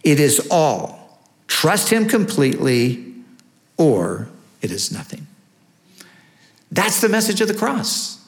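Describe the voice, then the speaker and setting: A male pastor delivers an earnest teaching sermon. He asks his listeners rhetorical questions. His voice sits slightly high and rings with room echo. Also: big pitch swings, takes it slowly, long pauses. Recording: echoey room.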